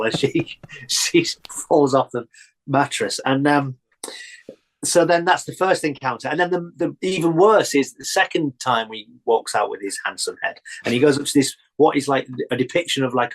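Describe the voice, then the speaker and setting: A man chats as a guest, retelling old memories with lively relish and frequent laughter. His voice sits at an ordinary middle pitch. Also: normal speed, rough recording. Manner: animated storytelling, laughs often. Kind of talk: casual chat.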